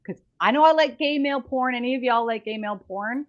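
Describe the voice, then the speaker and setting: A woman co-hosting a podcast, chatting candidly with quick reactions and easy laughter. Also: on the high side, highs cut off. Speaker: podcast co-host. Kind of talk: casual chat.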